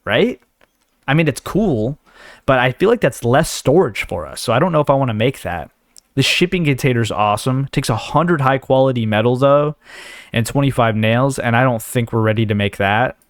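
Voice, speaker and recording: The gaming channel host sounds expressive, with a medium pitch and normal speed, in studio-quality audio with no echo. Hiccuping, he thinks aloud and rambles through his inventory in a casual let's play.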